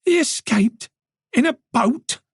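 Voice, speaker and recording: A woman's voice: sits high, very animated, unhurried, husky, no echo, clean studio sound, voice pushed up, exaggerated voice. A narrator voicing a shaken young woman detective who speaks urgently and breaks toward sobs. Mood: shocked.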